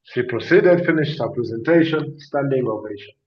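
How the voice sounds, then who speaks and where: A man's voice: medium pitch, expressive, normal speed. Guy explaining stuff earnestly on a radio show, asks questions then answers, bit echoey and dull. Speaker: guest speaker on addiction and mental health.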